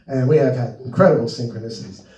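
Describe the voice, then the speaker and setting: A New Jersey man presenting his book gives an informal spiritual talk to an audience in a meeting room, rambling through stories and acting out snippets of dialogue. His medium-pitched voice is quick and dark-toned, captured by a distant mic with roomy echo.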